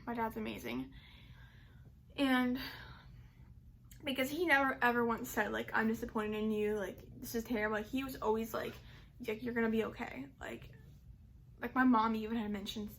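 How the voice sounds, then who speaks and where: A young woman vlogger recounts her own story in loose, chatty speech, her voice sitting a little high. She rambles, circling back with plenty of "like" and "um". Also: creaky, a bit bright, a little hiss or hum. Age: young adult. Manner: rambling, heavy use of "like" and "um". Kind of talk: casual personal storytelling.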